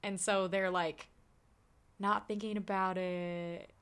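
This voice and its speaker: A young woman co-hosting a casual movie podcast, animated and swearing with laughing asides. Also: mid-range voice, takes it slowly, clear, resonant tone. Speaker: podcast co-host. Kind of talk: casual movie recap chat.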